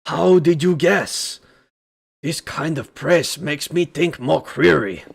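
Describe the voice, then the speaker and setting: A man's voice: fairly high pitch, slow pace, gravelly, breathy edge, pitched above the performer's own voice, exaggerated voice. A man voicing a nervous male scientist in an exaggerated put-on accent. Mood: puzzled.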